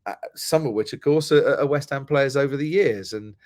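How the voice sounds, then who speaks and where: A middle-aged man from England tells long, rambling stories in a relaxed podcast chat, often restarting his sentences. His voice sits at an ordinary pitch and is recorded close and dry, with no room sound. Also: moderate pace, no room sound. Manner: chatty, storytelling, many restarts. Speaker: guest, motorsport commentator.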